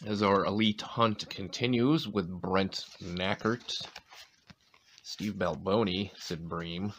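Man, light New England accent, deep low voice, slightly sore throat, casual card-opening commentary, wrappers crinkling faintly behind. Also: fairly even intonation, slow pace, a bit bright, a little hiss or hum. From Maine, USA. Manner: reads off player names between chatty asides. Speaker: card-opening channel host.

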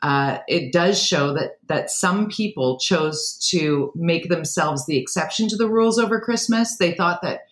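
Lower-voiced woman cohosting a news podcast, blunt and opinionated, roomy echo. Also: a little slow, few pauses. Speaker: podcast co-host. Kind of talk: casual current-affairs chat.

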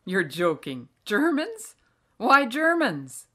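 A woman reading the part of a brisk, warm middle-aged father, speaking in an exclaiming, raised voice. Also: mid-range voice, animated, pitched above the performer's own voice. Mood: jovial.

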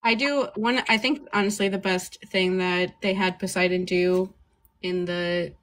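A woman's voice: fairly low pitch, steady tone, a little slow, fairly bright tone, slight background noise. Podcast co-host, woman, loose rambling delivery, frequent laughs, casual swearing.

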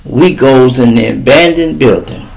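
Gravelly Chicago man telling stories. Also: mid-range voice, unhurried, low-quality recording. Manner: laid-back, crude, talks straight to the listeners. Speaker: show host. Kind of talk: storytelling talk show.

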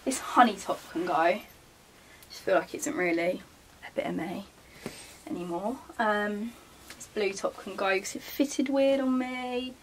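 A woman's voice: medium pitch, measured pace, recorded from a distance, slight background noise. A young woman, talking casually as a vlogger while sorting her wardrobe, chatting and muttering asides to herself. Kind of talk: casual chat. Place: bedroom beside her wardrobe.

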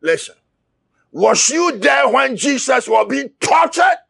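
A man preaching a fiery sermon, shouting and crying out, repeating his words as he presses his listeners. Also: extremely high pitch, big pitch swings, takes it slowly, gravelly, breathy edge, dry recording, clean studio sound.

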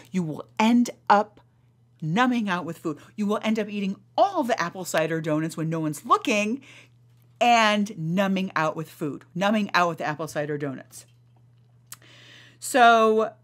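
A woman's voice: medium pitch, fairly bright tone. A woman, a weight-loss coach and podcast host, giving emphatic coaching talk and leading a guided meditation, often asking "right?".

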